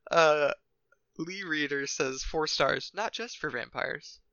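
A man's voice: on the high side, slow, sharp tone, smooth, no echo, muffled recording. A man co-hosting a casual comedy podcast, joking around and reading out product reviews. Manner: joking, reads reviews aloud with silly voices. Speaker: podcast co-host.

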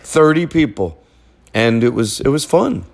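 A man's voice: medium pitch, expressive, a little slow, vocal fry. Rambling, joking man hosting a podcast. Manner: rambling, jokey, self-interrupting. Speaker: podcast host. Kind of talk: casual family chat.

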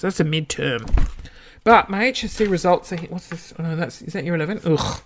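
A young Australian man telling a school story in a casual, animated way, swearing freely and gasping as he sorts through old school papers. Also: sits high, fairly quick. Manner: animated, gossipy, swears freely, breaks into gasps. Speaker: vlogger.

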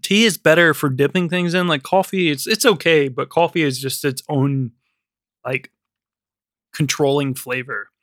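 A man's voice: on the high side, moderate pace, fairly bright tone, dry recording, clean studio sound. A man co-hosting a podcast, chatting casually and rambling, with lots of swearing and fillers. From United States. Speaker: podcast co-host. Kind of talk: casual chat. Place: UK-based podcast.

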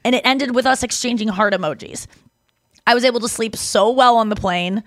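A young adult woman co-hosting a podcast in casual chat. She tells stories in a lively way, acts out other people's lines, and swears freely. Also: fairly high pitch, fairly quick, dry recording, clean studio sound. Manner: animated storyteller who acts out quotes and swears freely. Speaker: podcast co-host.

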